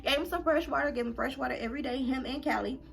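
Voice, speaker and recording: A young adult woman vlogger telling a story to her viewers in a casual, animated and dramatic way. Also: high-pitched, quick pace, vocal fry.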